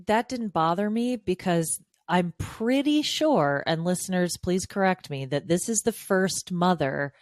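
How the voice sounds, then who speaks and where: Woman co-host, low-pitched, outspoken and easy-laughing, dry mic. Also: lively intonation, a little slow, hardly any pauses, no echo. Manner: candid, laughs easily, opinionated. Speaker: podcast co-host. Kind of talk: casual recap chat.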